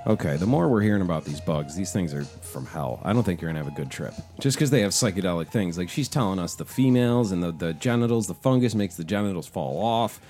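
A man with a fairly low voice tells loose, rambling stories on a podcast, swearing freely in casual chat. His talk wanders from one detail to the next. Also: lively intonation, fast, hardly any pauses, darkish tone, soft background music. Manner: swears a lot, rambling storyteller. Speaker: podcast host.

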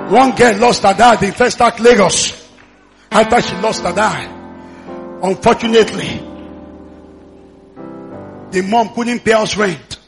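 A Nigerian man preaching a sermon, telling stories quietly and then shouting exhortations to the congregation. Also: sits high, vocal fry. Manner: storytelling that builds into shouted exhortation. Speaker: pastor.

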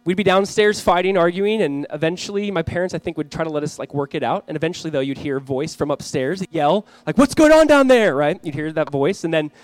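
Man, pastor, earnest Christmas sermon, emphatic scripture reading, a bit high-pitched, dry sound. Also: dry recording, poor audio. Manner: earnest, reads scripture slowly and emphatically, acts out family scenes.

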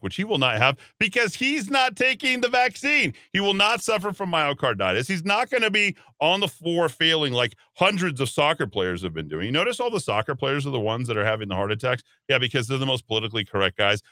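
In a clean, dry radio studio, a male talk radio host delivers an opinionated monologue, ranting with emphasis and sarcasm and sometimes slipping into mocking voices. His medium-pitched voice sounds bright and forceful.

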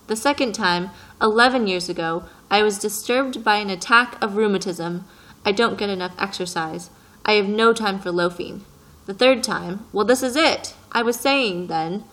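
A woman's voice: medium pitch, a little slow, fairly bright tone, natural voice, poor audio. A woman voicing a self-important, fussy middle-aged businessman in an audiobook reading. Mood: pompous. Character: pompous middle-aged male businessman, peevish.

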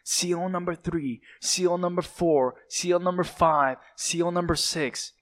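A male preacher delivering a sermon at a slow, deliberate pace. His voice sits a little high for a man. He builds dramatic emphasis, now and then sinks to a whisper, and stumbles over the odd filler word. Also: fairly bright tone. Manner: fillers and self-corrections.

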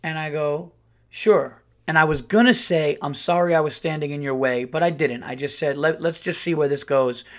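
Animated male comedian ranting a story. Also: fairly high pitch, brisk, hardly any pauses. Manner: animated, exasperated ranting with acted-out quotes. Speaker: comedian and podcast host. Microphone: podcast studio mic.

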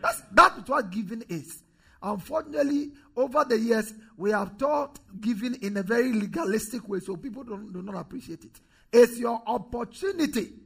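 A pastor preaching a sermon, calling on the congregation to repeat phrases, swinging from loud declarations to low quiet asides. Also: male voice, animated, normal speed, creaky, breathy edge. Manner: preaching with call-and-response to the congregation.

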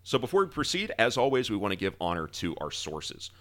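A man hosting a podcast, trading laughing banter with his co-hosts and then narrating history in a steady storytelling voice. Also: on the low side, a little fast. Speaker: podcast host. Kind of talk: casual chat and history narration.

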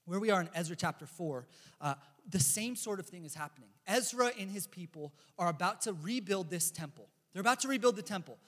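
A young man giving a casual youth sermon, chatty and animated, telling stories and reading scripture. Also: high-pitched, brisk. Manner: animated, chatty, lots of "like" and "bro". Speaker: youth pastor. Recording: echoey hall reverb.

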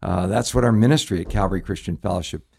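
A man pastor, from the United States, giving animated Bible teaching on a radio program, leaping up in pitch as he acts out quotes. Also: quick pace, gravelly, slightly rough.

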